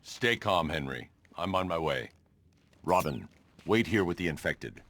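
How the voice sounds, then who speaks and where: An actor playing a stern male masked vigilante in a video game, giving terse, calm orders. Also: sits low, measured pace, exaggerated voice.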